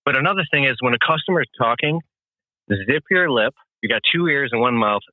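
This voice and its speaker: A man's voice: medium pitch, expressive, fairly quick, no echo. A man giving sales advice as a guest over a phone call, talking with confident emphasis. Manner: confident, emphatic, acts out customer talk. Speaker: guest landscaping business coach. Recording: tinny dry phone line.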